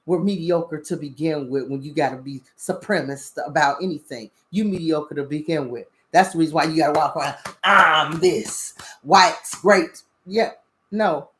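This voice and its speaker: Brisk and a little mellow, this woman's low voice carries her spiritual talk show. She preaches bluntly in casual commentary, swearing often and repeatedly checking in with "you understand?"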